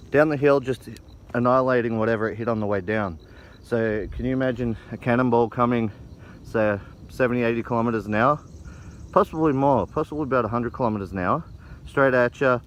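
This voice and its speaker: An excited man talks while walking a hillside outdoors, his voice picked up by a handheld camera mic. He retells the scene loosely and with relish. His pitch sits in an average middle range. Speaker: vlogger filming the tour. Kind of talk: casual walking tour commentary.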